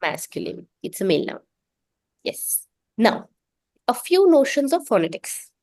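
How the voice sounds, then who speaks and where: A woman teaching French in an online class, explaining things patiently and repeating words slowly so that students can say them after her. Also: medium pitch, big pitch swings, gravelly, a little mellow, no echo. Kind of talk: online language lesson.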